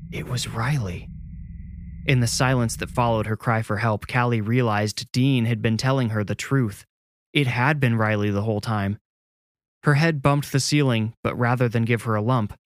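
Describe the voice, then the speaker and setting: A man narrating a scripted horror story in a measured, suspenseful way. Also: mid-range voice, a little hiss or hum.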